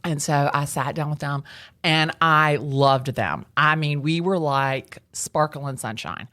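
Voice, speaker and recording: Low-voiced bubbly woman. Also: measured pace, no room sound, clean studio sound. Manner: animated, bubbly storyteller acting out quotes. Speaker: real estate agent, guest. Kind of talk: storytelling interview chat. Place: real estate association office.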